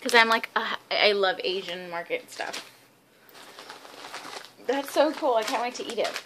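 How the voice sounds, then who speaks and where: A young woman vlogger unboxing a package in a casual vlog, excitable and gushing with lots of fillers, recorded on a phone at home. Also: on the high side, measured pace, background noise. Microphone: phone camera.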